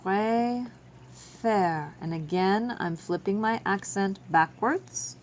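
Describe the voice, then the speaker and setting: A woman's voice: medium pitch, animated, unhurried, a little hiss or hum. A woman teaching a French verb lesson to students, explaining each step patiently. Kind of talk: classroom video lesson.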